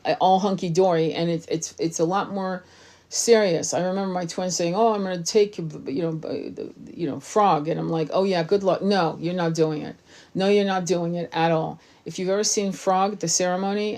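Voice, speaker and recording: A woman's voice: fairly low pitch, warm tone. A woman talking in a casual, blunt monologue, with plenty of swearing and emphatic asides. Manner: blunt, profane, emphatic storytelling. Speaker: tarot reader.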